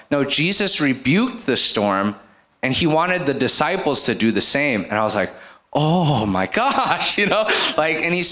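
A man casually sharing a faith testimony in a church group, animated and laughing, with lots of fillers. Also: mid-range voice.

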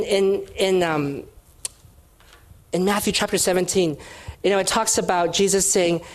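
A woman giving a devotional sermon, earnest and emphatic, sometimes restarting her sentences. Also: medium pitch. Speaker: Bible teacher.

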